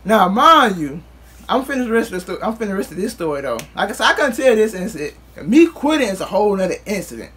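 A man's voice: high voice, big pitch swings, fast talker, sharp tone, husky. A man vlogger telling a casual storytime in loose, profane street talk, acting out what others said.

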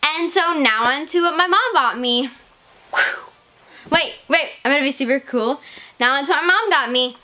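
A teenage girl vlogging casually to camera, gushing and excitable, full of "like" and "legit.". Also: high-pitched, moderate pace, pauses often, slight background noise. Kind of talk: casual haul vlog.

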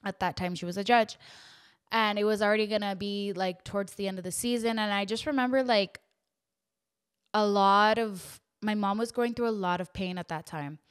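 A young woman hosting a podcast, telling a painful personal story in a halting, emotional way, close to tears. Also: mid-range voice, clean tone. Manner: emotional, halting, with many fillers and restarts. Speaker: podcast host.

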